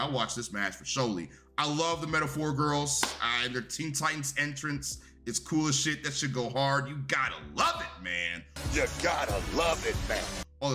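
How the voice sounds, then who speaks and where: A man's voice: fairly high pitch, bright, forceful tone. A young man giving a casual, rambling and profane review of a wrestling show.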